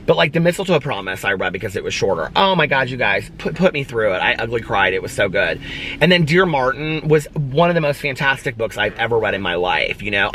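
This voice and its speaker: A man chatting casually to camera as a book vlogger, excitable and emotional, rambling with lots of fillers. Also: mid-range voice, a little hiss or hum. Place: at home.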